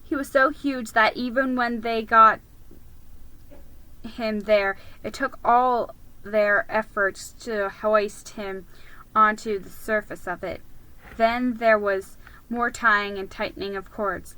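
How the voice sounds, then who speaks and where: A woman reading a story aloud, unhurried, with occasional slips and restarts. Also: medium pitch, fairly even intonation, pushed and bright, no echo, rough recording. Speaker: reader.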